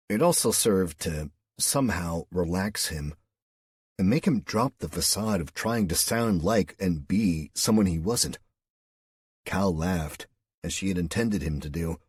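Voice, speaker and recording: A man reads an audiobook in a steady, measured way. His voice is very low with a husky grain. The recording is close and dry, without room sound. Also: no echo. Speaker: audiobook narrator. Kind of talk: scripted narration.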